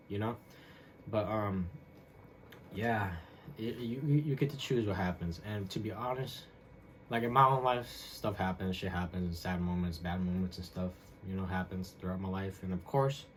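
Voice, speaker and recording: Here a young man with a lowish voice rambles through a solo story on his podcast, leaning heavily on slang and filler words. A bit of background noise can be heard.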